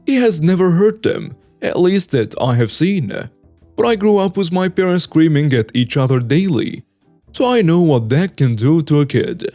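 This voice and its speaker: Man, story narrator, somewhat high voice, steady scripted reading. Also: normal speed, soft background music. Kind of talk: scripted narration of online stories.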